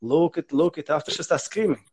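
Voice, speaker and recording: A man with as his tells funny stories in broken English and swings his pitch widely as he acts out the people in them. His voice sits a little on the high side, and his speech is quick and theatrical. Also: a little hiss or hum. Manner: animated, acts out quoted voices with non-native grammar. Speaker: guest. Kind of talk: casual storytelling.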